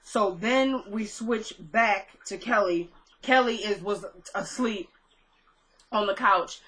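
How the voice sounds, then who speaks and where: A woman giving a casual, chatty recap of a TV episode, slangy and quick to slip into quoting the characters' lines. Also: mid-range voice, a bit bright, low-quality recording. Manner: chatty, slangy retelling that jumps into quoted dialogue.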